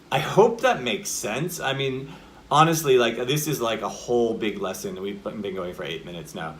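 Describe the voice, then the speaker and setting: A man's voice: medium pitch, animated, measured pace. A man teaching acting in a casual video lesson. He explains in a loose, chatty way full of filler words, and acts out example lines to show each point. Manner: loose, with many "like" and "you know" fillers. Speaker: acting coach.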